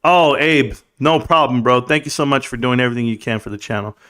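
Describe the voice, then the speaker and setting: A man's voice: mid-range voice, a little fast, fairly bright tone. A man hosting a casual livestream from a room at home, reading out chat in a laid-back, chummy way and laughing often.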